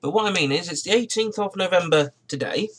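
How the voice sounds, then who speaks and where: A man's voice: high voice, a little fast, a bit bright, slight background noise. A man who has just got out of bed, telling a rambling, digressive story to camera in a car vlog and often correcting himself. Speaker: car vlogger.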